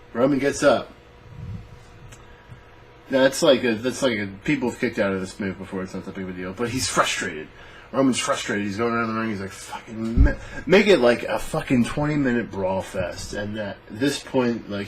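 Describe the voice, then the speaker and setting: Young male host, casual profane rant, low voice, faint background noise. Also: rough recording. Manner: rambling, profane, animated storytelling. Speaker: podcast host. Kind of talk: casual rant on fantasy booking.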